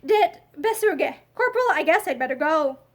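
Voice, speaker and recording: A woman's voice: high-pitched, big pitch swings, normal speed. A woman voicing a stubborn German private who mixes German phrases into his refusals, with a German accent.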